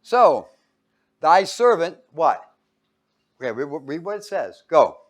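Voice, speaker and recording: A lively man preaching with a somewhat high, very expressive voice that swings up and down. He tells the story in a relaxed way, keeps chuckling and asks his listeners questions. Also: slow. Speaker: preacher teaching a Bible study. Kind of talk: casual sermon.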